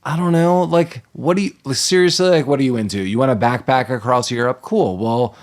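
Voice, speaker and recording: A man's voice: mid-range voice, brisk. Rambling jokey man on a podcast. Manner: rambling, jokey, lots of "like" fillers. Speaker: podcast co-host. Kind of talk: casual movie-review chat.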